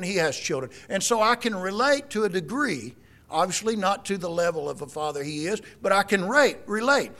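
A man's voice: sits high, sharp tone. A middle-aged man preaching a sermon, quoting scripture in an emphatic, folksy way. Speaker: pastor.

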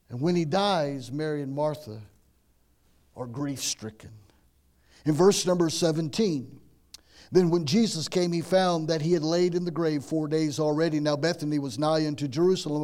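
A middle-aged man from the United States, preaching a sermon that swings from loud emphasis to hushed, almost whispered lines. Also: fairly high pitch. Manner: dramatic swings from loud to hushed, repeats words. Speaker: pastor.

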